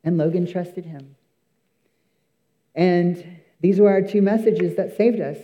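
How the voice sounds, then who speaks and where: High-voiced man giving an earnest testimony. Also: slow, dull audio. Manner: earnest, emphatic storytelling with frequent fillers. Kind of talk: church testimony.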